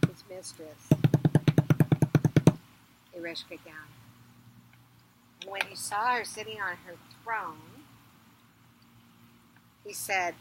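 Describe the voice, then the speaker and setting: A woman telling a myth at an outdoor fire circle, dramatic, with loud swells in her voice. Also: on the low side, takes it slowly, pauses often, noisy background. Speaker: storyteller. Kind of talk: oral storytelling at a ritual.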